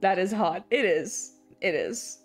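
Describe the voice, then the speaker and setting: Expressive and slow, a young woman with an English accent chats casually in a mid-range voice while drawing on her art stream, with soft background music. She rambles, restarts her sentences, laughs frequently and sometimes swears.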